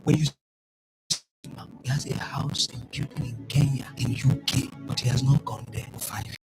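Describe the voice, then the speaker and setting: A Nigerian man preaching his point with passion, his voice high-pitched and wildly animated. He swings between loud emphatic bursts and hushed asides. Faint music plays underneath. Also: poor audio. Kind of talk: impassioned public speech.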